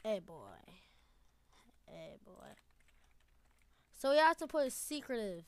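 A woman giving excitable gameplay commentary, laughing often and repeating her phrases. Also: on the high side, takes it slowly, clear, resonant tone, dry recording. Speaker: gamer.

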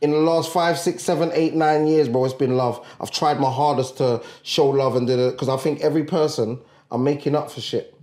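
A man's voice: fairly high pitch, fairly even intonation, a little fast, a little mellow. A man, co-hosting a podcast in casual chat, talking earnestly and often asking if he is understood. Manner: earnest, repeats "do you get what I'm saying". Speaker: podcast co-host. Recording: echoey room.

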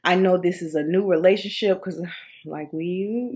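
A woman in her mid-thirties tells a personal story to her camera in a casual vlog. Her voice sits a little low, and she tells it in an animated, expressive way, often repeating herself and filling gaps with "um" and "like.". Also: unhurried, highs cut off. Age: 30s. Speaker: vlogger.

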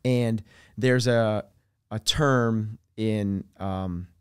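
A man speaking as a podcast guest and coach, explaining his ideas earnestly with everyday examples and dropping his voice softer on key terms. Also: fairly low pitch, steady tone, very slow, clean tone, dry recording, clean studio sound. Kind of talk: conversational podcast interview.

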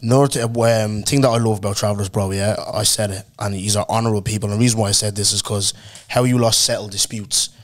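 A man with a fairly low voice hosts a casual podcast. He asks his guest questions in a chatty way and keeps calling him "bro". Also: steady tone, fast. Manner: chatty, says "bro" often. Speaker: podcast host.

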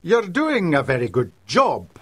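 A man voicing an excitable middle-aged male newspaper editor who talks emphatically. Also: fairly high pitch, measured pace, slightly rough, pitched above the performer's own voice, full character voice. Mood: brisk. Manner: emphatic, loud, swooping. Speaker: news editor.

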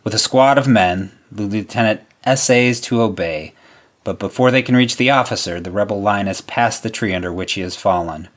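A man reading a wartime memoir aloud as solemn, measured narration, letting his voice drop at the ends of lines. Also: lowish voice. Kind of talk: scripted narration.

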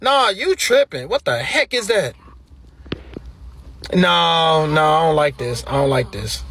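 Man, american, comedic reaction commentary, exaggerated outrage, slangy, lively swinging pitch, noisy background. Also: slow pace. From United States. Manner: loud, exaggerated outrage with repeated protests; slangy, playful talk. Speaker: reaction video creator.

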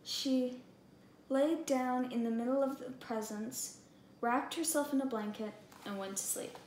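Slow, high-voiced woman reading aloud. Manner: expressive and deliberate. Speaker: storybook reader. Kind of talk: reading a picture book aloud. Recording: echoey room, faint background hum.

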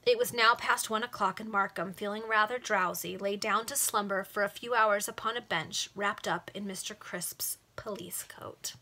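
Bright-voiced woman reading aloud. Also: medium pitch, steady tone, moderate pace, few pauses. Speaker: reader. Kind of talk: casual read-aloud among friends. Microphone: video call.

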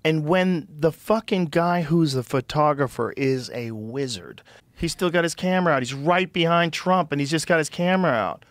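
Animated man riffing in disbelief, dry studio sound. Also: a little high, moderate pace, dry recording. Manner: animated, profane, incredulous riffing. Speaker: podcast host. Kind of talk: casual podcast conversation.

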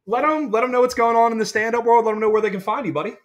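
A young man from Pittsburgh co-hosting a casual sports-betting podcast, talking in an excitable, hyped-up way. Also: very high voice, racing. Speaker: podcast co-host.

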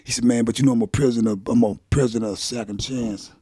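A man's voice: medium pitch, steady tone, fast talker, warm tone, breathy edge, dry recording, clean studio sound. An older man, animatedly retelling his own story in casual conversation and acting out the voices of people in it. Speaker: guest telling his life story.

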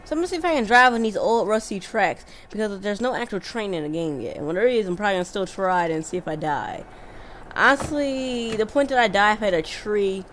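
A woman with a mid-range voice does casual let's-play commentary, rambling and thinking aloud while mumbling to herself. There is a little hiss or hum on the recording.

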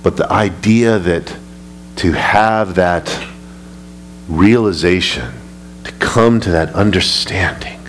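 Low-pitched guy preaching a bible study, gets real emphatic, little bit of hum. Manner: emphatic, rising high when retelling scripture. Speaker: pastor. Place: church sanctuary.

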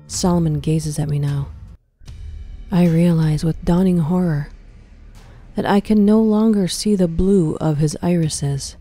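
A woman reads a horror story in a very low, dark voice. She speaks slowly and often drops into a hushed whisper, keeping the tension tight. Faint music plays beneath her. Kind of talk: scripted horror narration.

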